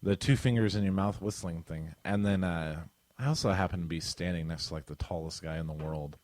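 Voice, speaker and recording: A young man with a very low voice co-hosts a casual podcast. He rambles through stories and laughs easily. The sound is dry and close to the mic. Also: fairly quick, a little mellow, no room sound. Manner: laughs often, rambling anecdotes. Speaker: podcast co-host. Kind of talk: casual chat.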